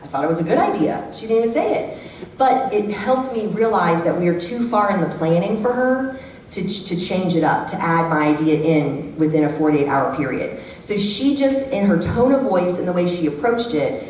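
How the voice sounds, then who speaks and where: A middle-aged woman giving a lively workshop talk to a live audience, acting out the voices she quotes. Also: on the low side, normal speed. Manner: animated, acts out quoted voices. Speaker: workshop speaker. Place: church hall. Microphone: handheld microphone. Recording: echoey hall from far off, faint background hum.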